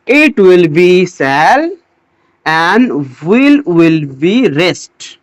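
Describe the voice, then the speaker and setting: A teacher giving a slow English grammar lesson, pausing, repeating words and restarting phrases as they explain. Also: mid-range voice, big pitch swings, dry recording. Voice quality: non-native English phrasing.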